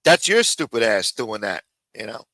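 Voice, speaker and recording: A man's voice: on the low side, sing-song, moderate pace, gravelly, pushed and bright, dry recording, poor audio. A man hosting a live stream, ranting angrily and mockingly with a lot of profanity, talking around a throat lozenge. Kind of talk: heated live stream rant.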